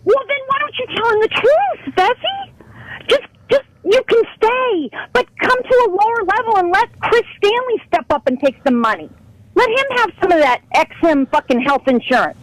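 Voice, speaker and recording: A woman's voice: very high-pitched, big pitch swings, normal speed, low-quality recording. A woman calling into a radio show, passionate and pleading as she scolds the host. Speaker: radio caller. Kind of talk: heated radio call-in.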